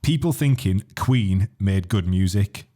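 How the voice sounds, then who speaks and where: A man reads listener messages aloud on a casual podcast. His voice is fairly low. He teases his co-host between the readings. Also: expressive, unhurried, warm tone. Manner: teasing, reads comments aloud.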